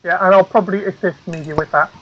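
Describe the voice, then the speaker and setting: A man's voice: sits high, steady tone, fast talker, fairly bright tone, lo-fi sound. A man casually chatting as a player in an online tabletop game, hesitant and repeating himself.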